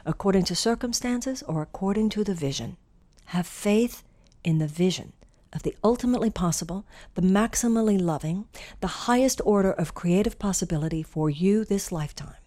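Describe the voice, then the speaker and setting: A woman giving an inspirational talk, earnest and animated as she tells a story. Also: mid-range voice. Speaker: spiritual teacher.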